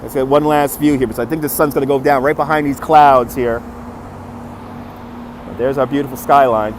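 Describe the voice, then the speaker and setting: A man's voice: mid-range voice, steady tone, fairly quick. Chatty man livestreaming on a city street. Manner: upbeat, chuckles often, greets chat by name. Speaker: livestream host. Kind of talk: live walking stream, chatting with viewers. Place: outdoors on a city waterfront street. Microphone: phone on a handheld gimbal. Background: faint city traffic.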